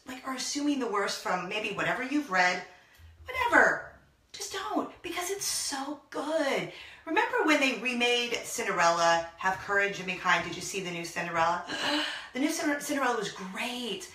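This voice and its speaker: A woman in her thirties chats excitedly to her viewers, her bright voice swooping high and low. She is recorded from a little way off, in a small laundry room that rings with echo. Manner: gushing, excitable, bursts into song. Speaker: vlog host. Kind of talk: casual chat to viewers. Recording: echoey small room, mic at a distance.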